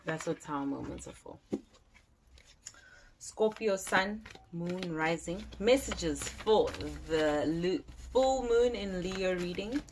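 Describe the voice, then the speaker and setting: An unhurried woman talks through a casual tarot reading in a slightly low voice. She is chatty and slangy and swears now and then. A faint hiss of noise sits under the recording. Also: animated. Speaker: tarot reader.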